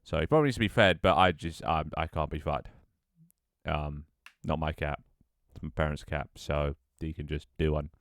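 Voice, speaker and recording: A man's voice: a bass voice, fairly even intonation, moderate pace, dry recording, studio quality. A tired, out-of-breath young man chatting casually with his livestream audience, sighing and swearing offhandedly. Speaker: Twitch streamer.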